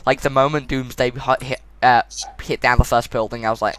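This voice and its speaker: A man's voice: medium pitch, steady tone, fairly quick, a bit bright, smooth. A man reviewing a film in casual chat. He is blunt and mocking, and he steers the discussion.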